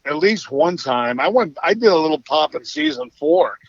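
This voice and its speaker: A middle-aged man with a Boston accent, a guest actor telling stories in a relaxed, easygoing interview chat. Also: a little high, moderate pace, vocal fry, dry recording. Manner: easygoing, relaxed storytelling with soft laughs. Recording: slightly dull, dry podcast audio.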